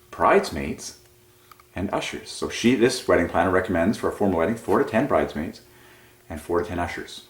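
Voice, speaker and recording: A man hosting a casual explanatory monologue in a playful, animated way, often chuckling at his own asides. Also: sits low. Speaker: channel host presenting number patterns. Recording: echoey room, mic set at a distance.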